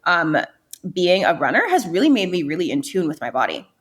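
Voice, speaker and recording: A woman's voice: on the low side, fairly quick, husky. A young woman from New York with a New York accent, a guest talking openly and chattily in a casual interview. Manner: chatty, open, lively storyteller.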